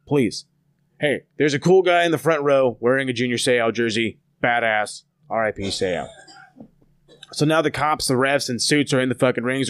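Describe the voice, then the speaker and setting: A man talks through a recap in a loose, rambling way, swearing freely and dropping sarcastic asides. His voice sits in a middle pitch. The sound is close and dry, with no room to it. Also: dry recording. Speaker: podcast co-host reviewing wrestling episodes. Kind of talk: casual recap and rating.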